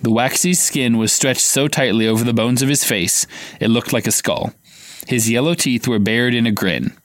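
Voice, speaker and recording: Man, mid pitch, casual read-aloud, dramatic dialogue, dry close mic. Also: normal speed, no echo. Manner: reads dramatically, acting out dialogue with raised voice. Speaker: podcast co-host reading aloud.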